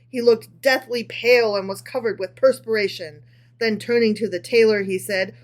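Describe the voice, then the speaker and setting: A chatty woman co-hosting a casual book club show, reading folklore aloud. Her voice sits a bit on the higher side, and she keeps stopping to check in with her partner. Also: fairly even intonation, normal speed. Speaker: podcast co-host reading aloud.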